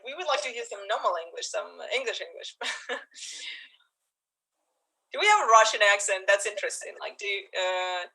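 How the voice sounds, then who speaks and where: A woman's voice: mid-range voice, sharp tone, poor audio. A woman hosting a live online improv show over a video call, talking to the audience in a chatty, upbeat way.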